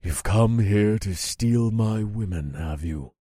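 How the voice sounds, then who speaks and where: A man voicing a towering, cruel male frost lord who growls slow, boastful threats. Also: fairly low pitch, dark tone, no echo, studio quality, voice pushed up. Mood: gloating. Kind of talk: audiobook character voice.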